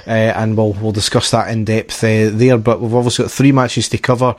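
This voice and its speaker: A Scottish man hosting a football podcast. He is ill and croaky with a cough, chatty and self-mocking, and he laughs often. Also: fairly low pitch, flat delivery, brisk, a little mellow, dry recording. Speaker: podcast host. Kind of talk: casual football podcast chat.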